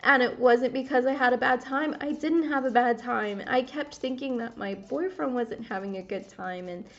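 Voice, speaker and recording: A woman's voice: fairly high pitch, normal speed. Rambling, swearing young woman vlogger. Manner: rambling, swears often, self-interrupting. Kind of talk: casual confessional rambling while gaming. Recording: dull lo-fi audio.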